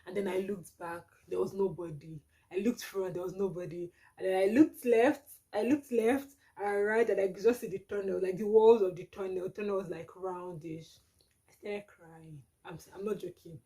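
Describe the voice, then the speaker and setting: Nigerian girl doing a storytime vlog, warm mellow voice, super animated and dramatic. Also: medium pitch, moderate pace. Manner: animated, dramatic retelling with exclamations. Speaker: vlogger.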